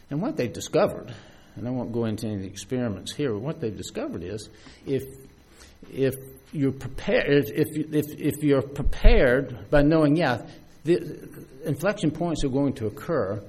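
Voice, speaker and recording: Male preacher, husky and animated, conversational sermon style with restarts. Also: mid-range voice. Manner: lively, conversational preaching with many restarts and asides.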